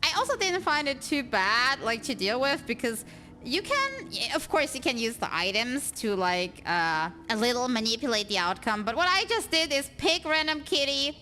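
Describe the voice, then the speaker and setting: A woman chats casually while streaming a game, rambling through her thoughts with fillers and little laughs. Her voice is bright and sits a little high. Faint game music plays underneath. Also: big pitch swings, moderate pace. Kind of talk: casual livestream chat.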